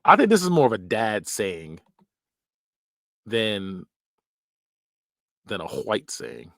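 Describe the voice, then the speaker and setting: A man's voice: fairly low pitch, big pitch swings, takes it slowly, gravelly, no echo, studio quality. A man hosting a podcast, giving casual, joking reaction commentary and laughing often. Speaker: podcast host.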